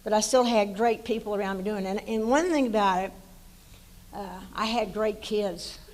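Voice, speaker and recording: A woman's voice: medium pitch, normal speed, darkish tone, low-quality recording. An older woman with an East Texas accent, a former coach giving a folksy, rambling acceptance speech at a banquet and telling stories with many restarts. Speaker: hall of fame inductee, former coach.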